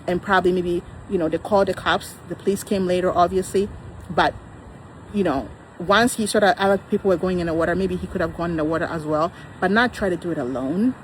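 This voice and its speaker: A woman's voice: on the low side, a little fast, a little hiss or hum, poor audio. A woman in her thirties talking in a personal vlog, insistent and defensive, repeating her points. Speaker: vlogger.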